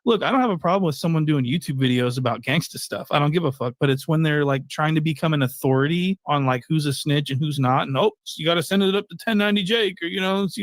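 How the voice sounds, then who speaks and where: A man's voice: fairly high pitch, fast, few pauses, no room sound, studio quality. A man giving casual reaction commentary in an incredulous, mocking way.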